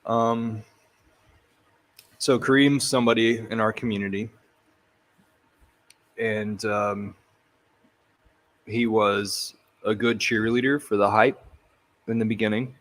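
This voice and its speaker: A man giving casual commentary on video clips, halting and thinking aloud with frequent restarts. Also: on the low side, fairly even intonation, fairly bright tone. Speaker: crypto commentator.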